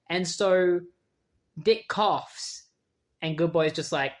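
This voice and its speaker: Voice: medium pitch, slow, long pauses. A comic book reviewer giving a casual, chatty recap full of fillers and wry asides.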